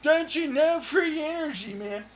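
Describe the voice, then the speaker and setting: A man's voice: very high voice, lively intonation, voice pushed up. A man voicing a mocking caricature of a stoner who believes in free energy, gushing and preachy. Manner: gushing, preachy, drawn-out exclamations.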